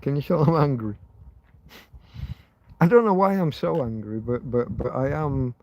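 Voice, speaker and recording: A man's voice: mid-range voice, normal speed, a little mellow. A man hosting a rambling livestream, ranting heatedly with plenty of swearing and restarts. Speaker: livestream host.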